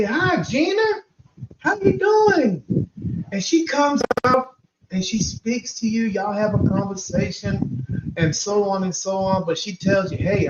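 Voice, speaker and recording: A man hosting a paranormal podcast, casually telling a guest an animated hypothetical story and often calling her by name. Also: high voice. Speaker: podcast host. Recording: roomy, distant, muffled live stream with noise.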